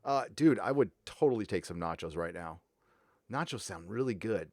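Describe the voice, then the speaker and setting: A man's voice: on the low side, animated, normal speed, a little mellow, no echo, clean studio sound. A man hosting a casual live stream, rambling between news and reading out viewer donations. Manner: rambling, reads donor messages aloud.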